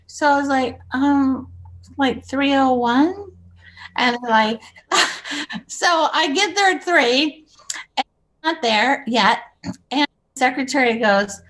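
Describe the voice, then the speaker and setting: High-pitched woman, podcast guest, chatty, giggly, acting out voices in her stories. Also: slow, pauses often, a bit bright. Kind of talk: casual anecdotal storytelling.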